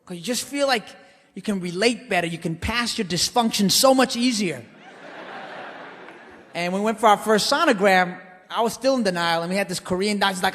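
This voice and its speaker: A man performing a brash, animated stand-up monologue, swinging between loud outbursts and hushed asides. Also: sits high, a little fast, in a large hall, slight background noise. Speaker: comedian. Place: theater stage.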